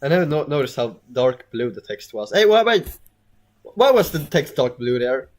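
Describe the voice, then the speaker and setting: Man commentating his own gameplay, halting, restarts sentences constantly, mid pitch. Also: expressive, a little mellow. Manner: rambling, hesitant, stammers and restarts often. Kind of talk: casual let's-play commentary.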